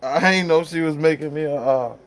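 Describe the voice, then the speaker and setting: A man's voice: on the high side, a little fast, slight background noise. A middle-aged man spinning a loose personal story straight to his viewers. His talk is colloquial and rambling, with many fillers, and he often breaks into laughter as he goes. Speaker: vlogger. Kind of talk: casual storytelling.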